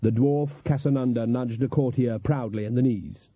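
A man narrating a story in an even, measured storytelling voice. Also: mid-range voice, husky, no room sound. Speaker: audiobook narrator. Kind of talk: scripted narration. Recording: dull, dry lo-fi recording.

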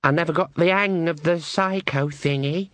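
A man's voice: on the high side, normal speed, fairly bright tone, no room sound, voice pushed up, close to an everyday voice. Man doing a sheepish teenage girl. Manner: timid, embarrassed. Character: awkward teenage girl, would-be witch.

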